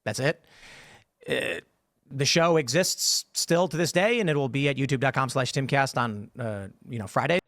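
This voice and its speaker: A podcaster explaining his show's licensing deal, halting with restarts. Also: medium pitch, a bit bright, dry recording, studio quality. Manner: halting, many fillers and restarts. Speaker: podcaster being interviewed. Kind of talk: explanatory statement in a played clip.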